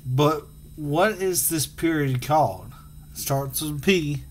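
A man teaching a phonics and punctuation lesson to children, sounding out letters slowly and patiently. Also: a little high.

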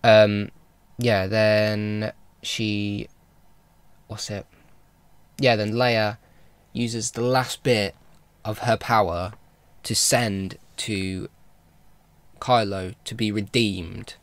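A man's voice: fairly low pitch, fairly even intonation, very slow, pauses often, clear, resonant tone, dry recording. A man vlogging a casual film recap, rambling and enthusiastic, with lots of fillers and restarts. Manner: enthusiastic fan talk.

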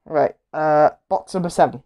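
Woman, low-pitched, casual game commentary, loud reactions, easily annoyed. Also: normal speed, slight background noise. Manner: reacts loudly to each result, easily annoyed. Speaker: gamer playing a game show video game.

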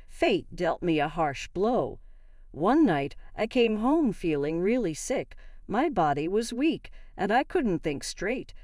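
A young woman tells a personal story in the first person with earnest, dramatic delivery. Her voice sits fairly low yet moves expressively through a wide range. It is recorded close and dry, with no room sound. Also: a little mellow, dry recording. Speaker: story narrator.

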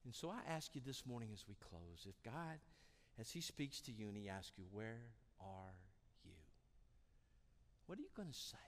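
A male pastor preaching a sermon, repeating his key lines and swinging between loud, forceful calls and hushed, quiet moments. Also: mid-range voice, big pitch swings, brisk, few pauses, long reverb tail. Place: church sanctuary.

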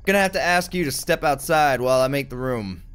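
Brief: deadpan male motel worker, stiff and formal, read out by a young gamer. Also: medium pitch, fairly quick, clear, resonant tone, lightly acted. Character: odd, overly formal male motel room-service worker.

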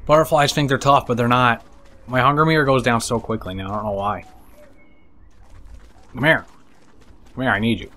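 A man giving casual let's play commentary, excitable and swearing, talking to the creatures in the game. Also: mid-range voice, moderate pace, long pauses. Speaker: gameplay commentator.

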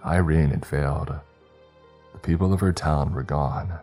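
A man narrating a horror story in a grim, even, scripted manner. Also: rumbling low, unhurried. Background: faint background music.

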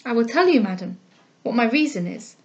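A woman's voice: a little high, animated, brisk, darkish tone, highs cut off, natural voice. A woman reading a novel aloud, voicing an earnest, humble and impulsive young woman who speaks with eager feeling. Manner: eager and heartfelt, speaking up with spirit.

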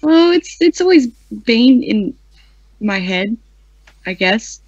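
A woman's voice: on the high side, big pitch swings, slow pace, darkish tone, no room sound, highs cut off. A tired woman playing her character in a tabletop game, rambling and giggly, full of likes and half-finished sentences. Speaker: player.

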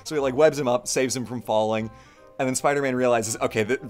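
Young male co-host, chatty recapper who acts out quotes; average pitch. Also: quick pace, faint music behind. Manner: animated storytelling, acts out quotes. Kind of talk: casual commentary on cartoons.

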